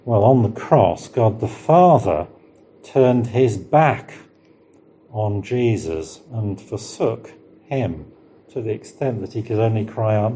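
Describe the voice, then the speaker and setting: A middle-aged man delivers a sermon at an unhurried, deliberate pace, his voice low and mellow. He keeps asking rhetorical questions and stretches out the words he wants to land, with faint ambience in the background. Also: lively intonation, a little hiss or hum. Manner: rhetorical questions, emphatic rises and slowed stresses. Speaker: preacher.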